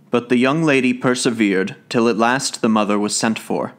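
A man narrating folk tales as an audiobook reader, in a measured, steady reading voice. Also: mid-range voice.

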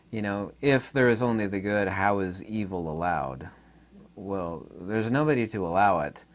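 A man hosting his own channel, giving an unscripted, rambling philosophy talk full of fillers and asides. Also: sits low. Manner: rambling, digressive, with frequent fillers. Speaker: channel host.

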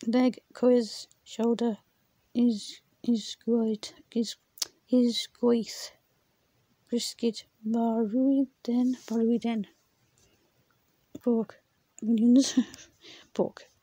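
A woman slowly reading words from her exercise book, repeating them, stumbling and laughing at her own attempts. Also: on the high side, level tone, dark tone, slightly rough, dry recording. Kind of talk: slow read-aloud vocabulary practice.

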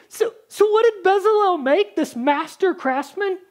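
A woman preacher with a high voice gives a casual, talkative sermon. She leans on fillers and slips into quick impressions of the people in her stories. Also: lively intonation. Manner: chatty, full of "like", acts out Bible characters.

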